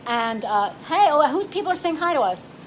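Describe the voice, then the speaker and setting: A playful woman co-hosts a casual chat and jumps in with lively stories. Her voice sits high. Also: moderate pace, poor audio. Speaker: co-host.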